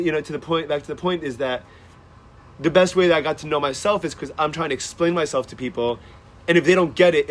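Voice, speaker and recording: A man's voice: fairly high pitch, fairly bright tone. A man chatting as a podcast guest, rambling with many "like"s and restarts. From Israel and the United States. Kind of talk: casual conversation.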